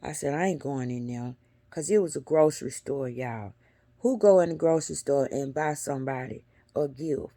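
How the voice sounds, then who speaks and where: A middle-aged woman telling a spiritual story to her viewers in a blunt, animated way, cussing freely and sometimes dropping into a whisper. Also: a bass voice, normal speed, no room sound. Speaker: spiritual vlogger.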